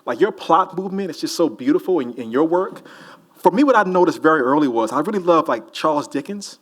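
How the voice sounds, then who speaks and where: A man's voice: on the high side, animated, brisk. A man, an author answering audience questions at a festival in a loose, rambling, joking way. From New Orleans. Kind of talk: casual audience Q&A. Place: festival hall with a live audience.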